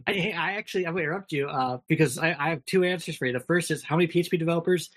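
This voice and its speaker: A man's voice: fairly high pitch, very fast, a bit bright. A man with a Minnesota accent co-hosting a casual podcast, rambling and self-deprecating with lots of fillers. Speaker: podcast co-host.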